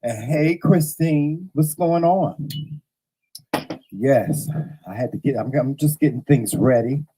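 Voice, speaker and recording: A man in his fifties livestreams from home, chatting casually in a drawling manner and greeting viewers by name. He speaks slowly with a medium pitch and frequent pauses over a noisy background.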